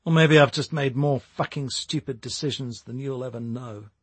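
A man's voice: mid-range voice, normal speed, breathy edge, no room sound, close to an everyday voice. A man reading the lines of a jaded, self-mocking man in a storybook, wry and bitter.

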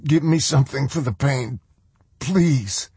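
Terrified wounded prisoner, pleading and shaky, man voices him; husky, dry. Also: mid-range voice, measured pace, mellow, no echo, pitched above the performer's own voice. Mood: begging. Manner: begging, shaky and breathless.

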